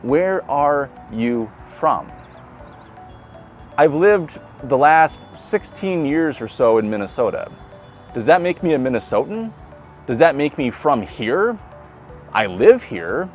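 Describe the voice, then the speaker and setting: Midwestern pastor with a lively, rising voice. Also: male voice, fairly high pitch, unhurried, soft background music. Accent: Midwestern American. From Nebraska. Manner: conversational, asks the congregation questions, laughs lightly. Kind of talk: sermon.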